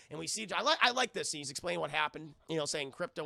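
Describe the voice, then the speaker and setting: Sweary streamer guy rambling thru a movie recap to chat, bright gravelly voice, dry sound. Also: fairly high pitch, animated, fast talker, few pauses, no echo. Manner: rambling, profane, keeps addressing chat. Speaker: streamer reviewing films. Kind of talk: casual live-stream film recap.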